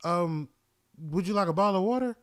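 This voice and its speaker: Man doing a middle-aged lady customer, sweet, eager, grateful, high sing-song voice. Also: lively intonation, a little fast, a bit bright, clean tone. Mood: sweet thankful.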